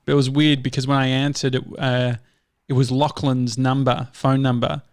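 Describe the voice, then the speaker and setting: A man's voice: mid-range voice, level tone, normal speed, dry recording, clean studio sound. An Australian man co-hosting a podcast, telling rambling stories in casual chat with plenty of fillers. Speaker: podcast co-host.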